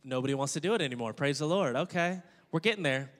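Man, pastor, high voice, lively sermon, playful asides, calls out to the congregation, church with long reverb. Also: fast. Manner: energetic, calls for congregation response. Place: church sanctuary.

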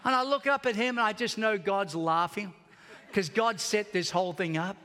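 A male pastor preaching a sermon in a large church, telling stories with passion, swinging between shouting and hushed tones. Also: high voice, moderate pace, in a large hall, slight background noise.

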